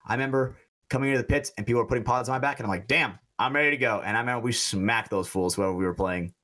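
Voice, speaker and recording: A man's voice: mid-range voice, steady tone, very fast, a bit bright. A young man co-hosting a podcast, telling stories in a loose, profane, casual way and laughing often. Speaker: podcast co-host. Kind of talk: casual chat.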